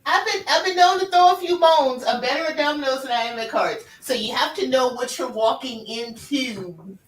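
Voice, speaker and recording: A woman's voice: high voice, moderate pace, recorded from a distance. A woman chatting casually on a stream, from the American South, laughing often and talking expressively. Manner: laughs a lot, lively and expressive. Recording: echoey room, voice off-mic.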